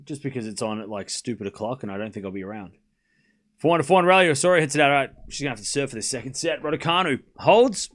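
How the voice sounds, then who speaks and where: A man's voice: mid-range voice, expressive, rapid-fire, fairly bright tone. A man hosting a live tennis watchalong stream, calling scores and chatting casually with viewers, rambling and laughing often.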